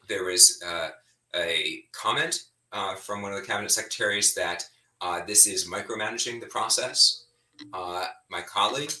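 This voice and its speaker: A middle-aged man talks bluntly and with heat, his voice low-pitched but bright and edgy. He sounds set back from the microphone in a room with a noticeable echo. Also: far from the mic. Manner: animated, heated, speaks bluntly. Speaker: state representative giving an update. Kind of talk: informal spoken update.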